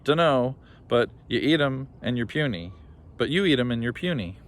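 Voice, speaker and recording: A man voicing a grumpy male giant, grumbling loudly through a storybook reading. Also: mid-range voice, expressive, normal speed, natural voice. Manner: grumbling, loud. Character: grumpy huge male giant sick of beans.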